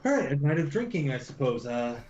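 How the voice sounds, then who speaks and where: A man's voice: medium pitch, very animated, fairly quick, a little mellow, dull audio, close to an everyday voice. A man doing a wry tavern bartender. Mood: brisk. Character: gruff male tavern bartender, wry and businesslike.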